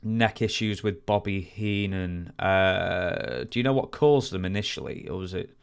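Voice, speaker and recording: A man co-hosting a podcast, recounting background in a measured way before asking questions. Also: low-pitched, expressive, creaky, clear, resonant tone. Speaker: podcast co-host. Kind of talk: interview questions.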